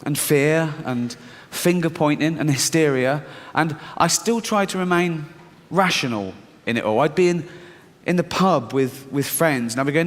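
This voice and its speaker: A man's voice: on the high side, expressive, normal speed, long reverb tail. A man performing a stand-up comedy routine, telling stories sardonically, mocking his own fears and swearing freely.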